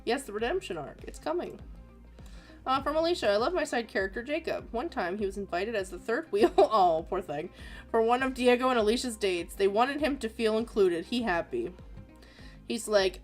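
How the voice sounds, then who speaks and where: Giggly young woman streaming art, reads chat out loud, voice swoops a lot, soft music in the back. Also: on the high side, normal speed. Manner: giggly, reads messages aloud, animated. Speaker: art streamer reading viewer submissions. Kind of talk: casual livestream chat.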